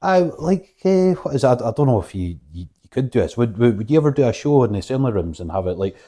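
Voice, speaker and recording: A podcast host, a man who talks quickly in a mellow, warm voice. He asks halting questions and stumbles over his words. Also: mid-range voice, very animated. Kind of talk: casual interview.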